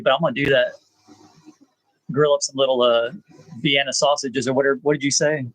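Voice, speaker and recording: A man's voice: medium pitch, steady tone, a bit bright, no echo, low-quality recording. Laid-back man chatting. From South Texas. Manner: laid-back, rambling, frequent "uh" pauses. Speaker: channel host. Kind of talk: casual live chat with viewers.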